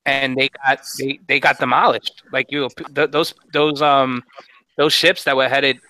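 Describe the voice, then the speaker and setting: A man hosting a podcast panel, talking casually in halting bursts and swearing now and then. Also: medium pitch, flat delivery, pushed and bright, poor audio. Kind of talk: casual chat.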